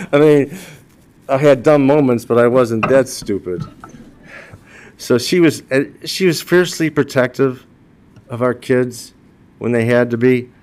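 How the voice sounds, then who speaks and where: A man's voice: mid-range voice, measured pace, long pauses, darkish tone, a little hiss or hum. A man in his sixties giving a eulogy for his wife, telling humorous personal stories and laughing at his own jokes. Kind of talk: funeral eulogy told as personal anecdotes.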